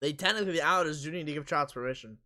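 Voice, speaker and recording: A man hosting a live sports stream, casually reading viewer comments aloud and answering them while his voice is going hoarse. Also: on the high side, very fast, bright, forceful tone.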